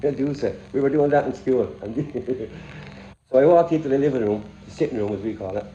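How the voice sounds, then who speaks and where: A man's voice: medium pitch, fairly quick, warm tone, reverberant, dull audio, a little hiss or hum. A middle-aged Irish man telling a funny childhood story in a casual vlog, laughing often as he goes. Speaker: vlogger.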